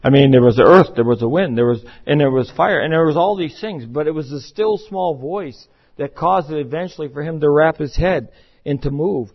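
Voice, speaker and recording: A man's voice: fairly high pitch, brisk, slightly rough. A man preaching a sermon in an emphatic, conversational way, now and then acting out the voices he quotes. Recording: muffled, lo-fi recording.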